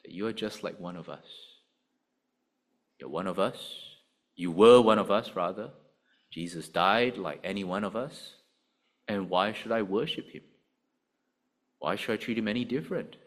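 A man preaching a sermon, addressing his listeners directly with an animated delivery. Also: normal speed, long pauses. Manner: animated preaching, rising and dropping in pitch and volume.

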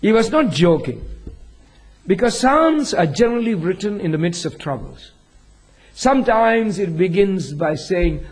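Male pastor, husky and somewhat high, slow deliberate preaching. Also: big pitch swings, poor audio. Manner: reads scripture aloud, asks the congregation questions. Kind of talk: sermon.

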